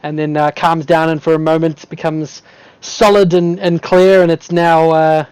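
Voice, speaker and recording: Man, game master, fairly high voice, playful casual narration, dry close sound. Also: level tone, moderate pace, a little mellow, smooth, no room sound. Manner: laughs often, describes actions in a casual playful tone.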